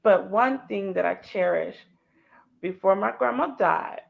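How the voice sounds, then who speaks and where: A woman's voice: medium pitch, a little slow, creaky, narrow, tinny audio. Dramatic storytelling woman. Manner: dramatic, swings from soft to shouting. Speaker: guest, motivational speaker. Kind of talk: emotional storytelling interview.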